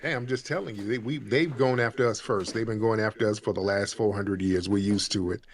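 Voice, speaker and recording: A man's voice: on the low side, a little fast, slight background noise. A man hosting a live call-in talk stream, speaking emphatically and repeating his points to drive them home. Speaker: host.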